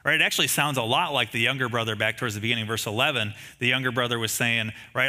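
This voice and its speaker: Bright-voiced male pastor preaching conversationally. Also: mid-range voice, rapid-fire, hardly any pauses. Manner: conversational preaching with frequent rhetorical questions; animated storytelling, acting out quotes from the story. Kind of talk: sermon.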